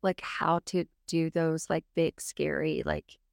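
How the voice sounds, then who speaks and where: A woman's voice: sits low, level tone, slow, creaky, clean tone, no echo, studio quality. A woman co-hosting a podcast, speaking earnestly in casual chat with frequent "like" fillers. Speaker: podcast co-host.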